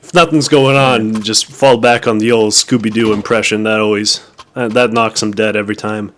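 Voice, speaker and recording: A man's voice: lowish voice, fairly even intonation, normal speed, a bit bright. A man calling a shooter match, wry and rambling, with lots of filler words. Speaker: esports caster. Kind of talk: play-by-play commentary. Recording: faint background noise.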